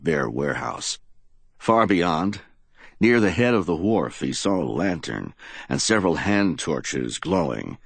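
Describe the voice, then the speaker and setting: A man's voice: extremely low pitch, vocal fry, husky, dry recording. A man narrating a hardboiled crime audiobook in a dramatic storytelling manner.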